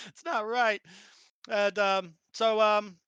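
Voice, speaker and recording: Animated game master, high bright voice. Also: male voice, clear, resonant tone, no room sound. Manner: animated, excitable, swears freely. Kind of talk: casual chat and tabletop game narration.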